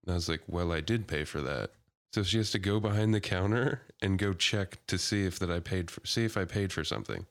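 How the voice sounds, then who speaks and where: Laid-back deep-voiced young man. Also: a little fast. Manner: laid-back, swears casually, laughs often. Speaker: podcast co-host. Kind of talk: casual chat.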